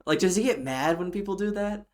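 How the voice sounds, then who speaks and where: A man's voice: high-pitched, fairly quick. A man hosting a casual game stream, rambling and giggling through loose banter full of fillers. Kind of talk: casual let's-play banter.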